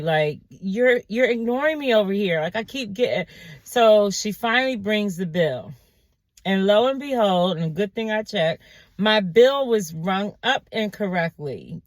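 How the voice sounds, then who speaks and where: A woman vlogger telling a story in a casual monologue, animated and exasperated, acting out the quotes in a higher voice. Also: dry recording.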